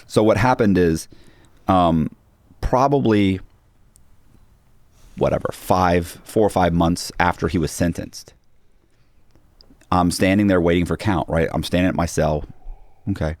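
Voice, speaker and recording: Low-voiced man telling a prison story. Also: unhurried, pauses often, dry recording. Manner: animated storyteller acting out quoted dialogue. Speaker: podcast guest. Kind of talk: storytelling in a casual interview.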